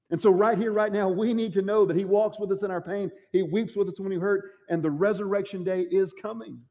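A man's voice: high-pitched, steady tone, a little fast, few pauses, warm tone, long reverb tail, muffled recording. A man preaching a sermon as pastor, acting out the quoted voices with dramatic swings. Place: church sanctuary.

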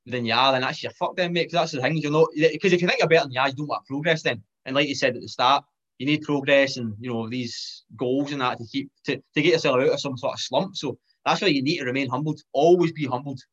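Fast-talking man, lo-fi sound. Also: mid-range voice. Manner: fast, animated, repeats himself with restarts. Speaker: podcast guest, fitness trainer. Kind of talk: casual chat.

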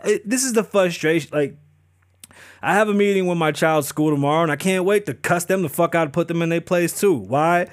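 Casting note: high-pitched man, thirties, heated profane rant, stumbles and restarts, casual host. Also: brisk. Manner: profane, heated, rambling, stumbles over words. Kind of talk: casual ranting commentary. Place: Las Vegas.

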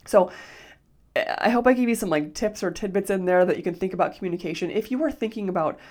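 This thirty-something life coach chats casually on her solo podcast, using "like" constantly and slipping into quoted dialogue with little voices. Her medium-pitched voice is a little mellow, fast, and lively in intonation.

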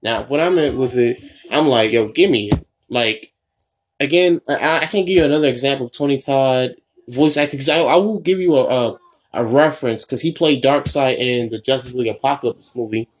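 A young man hosting a casual solo podcast, rambling and excitable, full of fillers and restarts. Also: mid-range voice, brisk, breathy edge. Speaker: podcast host.

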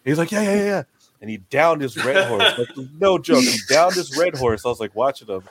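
A young American man, a podcast co-host, telling lively stories in casual chat, swearing often and acting out the people he quotes. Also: medium pitch, fairly quick, crowd noise. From United States. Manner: animated storyteller, swears often, acts out quotes.

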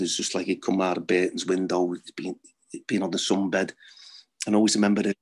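A middle-aged man, a former footballer, telling blunt, swearing anecdotes and laughing at his own stories. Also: sits low. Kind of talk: anecdotal storytelling.

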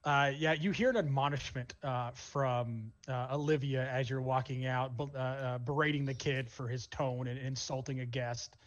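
A man narrating as game master of a tabletop game, casual and halting with many fillers. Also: mid-range voice, steady tone, dull audio.

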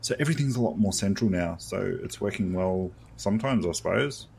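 A man's voice: low voice, fairly quick, creaky, a little mellow, husky. A man from Australia co-hosting a casual gaming podcast in a laid-back, mumbling way. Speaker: podcast co-host. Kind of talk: casual chat.

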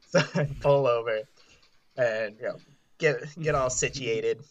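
A young man co-hosting a podcast, telling a story in a casual, animated way and laughing often. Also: mid-range voice, measured pace, lo-fi sound. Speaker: podcast co-host.

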